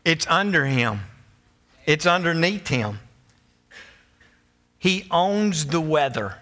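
Bright-voiced excited male pastor preaching. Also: a little high, slow. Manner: emphatic, rising to excited peaks, with stammered restarts. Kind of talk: sermon.

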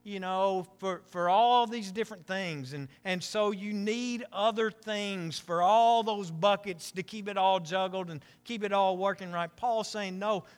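A man's voice: sits high, a little slow, few pauses, smooth. A middle-aged male pastor preaching a conversational sermon with self-deprecating humor and frequent asides.

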